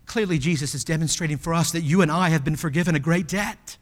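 Emphatic male pastor, fairly high voice. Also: long reverb tail. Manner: emphatic preaching, swinging from loud exclamations to hushed, slow asides. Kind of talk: sermon.

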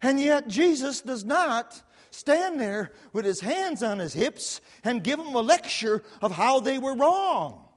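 A man preaching a sermon, telling the story with lively repetition and quick asides, recorded in a church sanctuary. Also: very high-pitched. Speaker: pastor. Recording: long hall reverb.

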